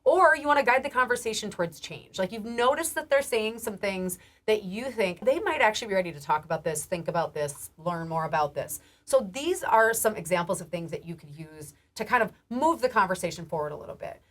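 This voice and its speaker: A woman health educator with a mid-range, expressive voice speaks fairly quickly with few pauses in a recorded training lecture. She's casual, warm and chatty, laughing often, restarting sentences, using many fillers, and lifting the ends of phrases.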